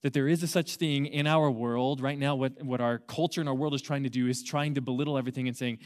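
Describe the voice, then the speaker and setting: A man's voice: medium pitch, fairly even intonation, quick pace. A man in his thirties preaching a sermon as a youth pastor, conversational at first and then emphatic, repeating key words for force. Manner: conversational storytelling opener.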